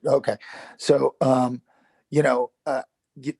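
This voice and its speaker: Gravelly New York man telling stories. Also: medium pitch, slow, dry recording. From Yonkers, New York. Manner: animated storytelling, frequent swearing and restarts. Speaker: actor guest. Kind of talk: casual interview chat.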